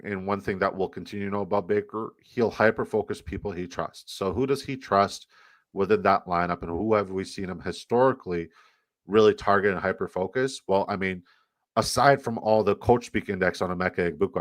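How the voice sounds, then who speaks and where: A man hosting a live fantasy football draft stream, talking fast in joking, profane banter. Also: deep voice, dry recording.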